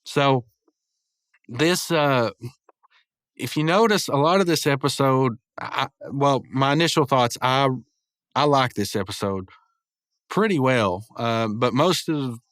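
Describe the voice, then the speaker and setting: A man's voice: medium pitch, slow pace, pauses often, a bit bright, no room sound, clean studio sound. A man casually recapping and reviewing a cartoon episode, laughing often, rambling and correcting himself as he goes. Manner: laughs often while retelling. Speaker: show reviewer.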